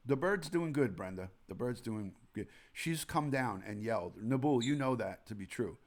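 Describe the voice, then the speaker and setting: A man's voice: medium pitch, animated, normal speed, few pauses, slight background noise. A man in his forties with a New York accent, a retired detective hosting a rambling late-night live stream from home, chatting and greeting viewers by name. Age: 40s. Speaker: livestream host, retired detective. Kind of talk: casual live-stream chat.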